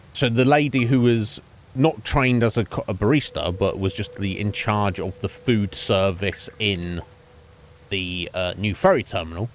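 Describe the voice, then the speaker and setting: A young man streaming, telling a profane, animated story about a coffee job and acting out the people in it. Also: on the low side, moderate pace, slight background noise. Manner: profane, animated ranting with voiced quotes. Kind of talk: ranting story while streaming a game.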